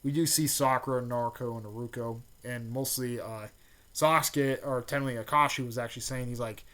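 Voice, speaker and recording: Speaking at a fairly quick clip in a mid-range voice, this man loosely retells a piece of fan fiction. He keeps restarting and padding with fillers, then bursts with excitement at the action moments.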